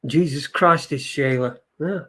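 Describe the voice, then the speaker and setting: Slow rambling man hosting a stream. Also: fairly high pitch, fairly bright tone. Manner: rambling, swearing, repeats himself. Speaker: livestream show host. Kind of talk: casual live-stream chat, reading viewer comments.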